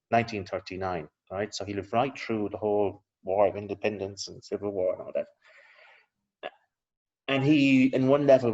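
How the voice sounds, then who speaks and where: A man speaking as a local historian guest in a relaxed interview, talking at length and chuckling between his points. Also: low voice. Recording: slightly dull lo-fi recording.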